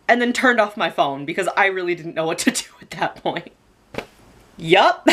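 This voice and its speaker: A woman's voice: medium pitch, fairly bright tone. A young woman telling a personal story to the camera in a casual, chatty vlog style, with frequent "like" fillers. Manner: chatty, lots of "like" fillers, laughs while telling. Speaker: storytelling vlogger.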